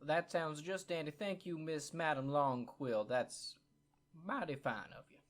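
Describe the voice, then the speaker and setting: A man's voice: a little high, measured pace, lightly acted. A man playing a folksy quirky tinkerer. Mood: eager. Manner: folksy, cheerful, polite.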